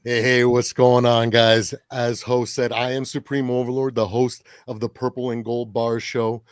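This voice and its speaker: A man's voice: medium pitch, little pitch movement, normal speed, smooth, dry recording, studio quality. A man from Canada who hosts a sports podcast, introducing himself in an upbeat, promo-style way. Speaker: podcast host.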